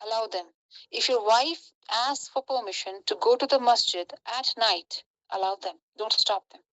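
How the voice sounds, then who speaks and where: A young woman giving an earnest, animated religious talk, telling stories in a mix of English and Hindi. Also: a little high, normal speed, no room sound, low-quality recording. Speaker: Islamic lecturer.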